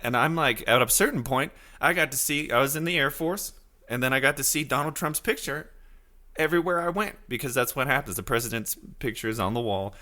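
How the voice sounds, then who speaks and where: A man in his thirties hosting a casual solo podcast, rambling loosely and reacting to his chat, now and then slipping into high silly voices to quote people. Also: a little fast, pushed and bright. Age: 30s. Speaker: podcast host.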